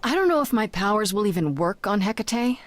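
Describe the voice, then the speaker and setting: An actress voicing a determined young woman muse who speaks in a measured, patient way in voiced game dialogue. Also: medium pitch, sing-song, no room sound, lightly acted.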